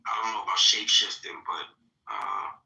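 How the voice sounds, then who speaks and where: A man guesting on a casual chat, talking in a measured, oddly formal way. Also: deep voice, very animated, gravelly, bright, forceful tone. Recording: distant, echoey mic.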